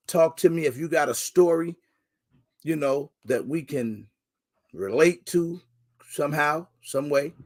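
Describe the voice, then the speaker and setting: A young man hosting a casual live stream, greeting viewers by name in a slangy, joking, laid-back way. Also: fairly high pitch. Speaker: livestream host.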